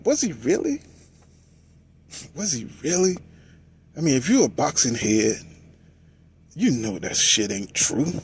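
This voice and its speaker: A man talking casually about boxing, telling the story with lively delivery and mocking voices for the people he quotes. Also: medium pitch, slightly rough. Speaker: boxing commentator.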